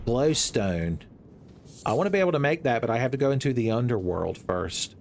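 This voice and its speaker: A young man giving playful, joking commentary over his own gameplay, breaking into loud exclamations. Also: fairly low pitch, expressive, moderate pace, a little hiss or hum. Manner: playful, jokey, swings into loud shouted exclamations. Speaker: gaming video creator.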